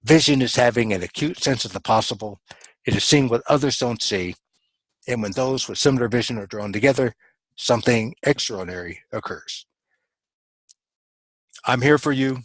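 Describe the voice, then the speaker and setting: A man's voice: mid-range voice, normal speed, pauses often, no echo, low-quality recording. A man giving a motivational coaching talk in a webinar, earnest and emphatic, repeating his key phrases. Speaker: business coach.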